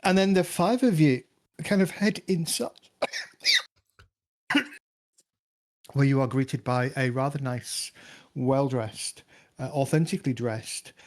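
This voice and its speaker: A man's voice: medium pitch, takes it slowly, pauses often. Man narrating as game master. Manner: relaxed, rambling, many fillers.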